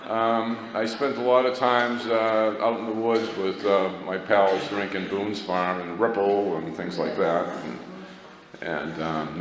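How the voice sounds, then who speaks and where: In an echoey hall with faint background noise, a middle-aged man tells a rambling, self-mocking personal story to a recovery meeting, laughing at himself. His voice is deep with a fairly bright tone.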